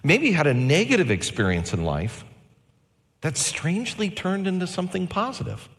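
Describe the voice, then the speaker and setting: A pastor in his forties delivering a sermon with animated, varied delivery and slow, emphatic phrases. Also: high voice, big-room sound.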